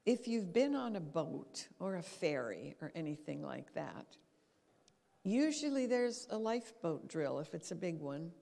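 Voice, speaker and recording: A woman gives a talk in a church hall, her voice a little gravelly. She tells her stories with life and acts out the quotes, and the sound carries a long reverb from the hall. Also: fairly low pitch, unhurried. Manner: lively storytelling, acts out quotes. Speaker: guest speaker. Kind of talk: talk on habits.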